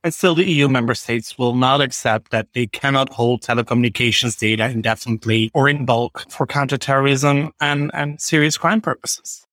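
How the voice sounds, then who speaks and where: A man co-hosting a podcast, explaining things in a measured way. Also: medium pitch, fairly bright tone, no echo, clean studio sound. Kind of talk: casual podcast chat.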